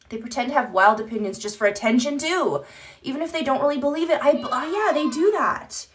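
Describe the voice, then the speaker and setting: A woman's voice: high-pitched, expressive, brisk, slight background noise. A woman chatting candidly on a live stream into her phone, rambling and swearing casually as she reads comments.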